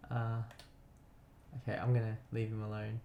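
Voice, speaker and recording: A man chats casually while playing a retro game he remembers, reading its on-screen text aloud with a nostalgic air. His medium-pitched voice is gravelly, a little mellow and sing-song, at a measured pace. The recording has a roomy echo and slight hiss or hum.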